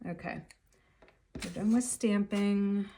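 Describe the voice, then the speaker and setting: A woman's voice: mid-range voice, slow, dark tone. A woman artist talking casually to herself as she paints and stamps at her table. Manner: musing aloud to herself while she works. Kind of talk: casual commentary while painting. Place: home art table. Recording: clear clicking noise behind.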